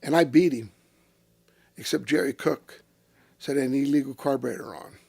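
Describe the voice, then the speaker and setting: A retired race car driver, an older man, is the guest in a casual interview, spinning salty, profane racing tales with lively energy. He speaks at normal speed in a mid-range voice that's creaky with a breathy edge, recorded close-miked and dry with no room sound.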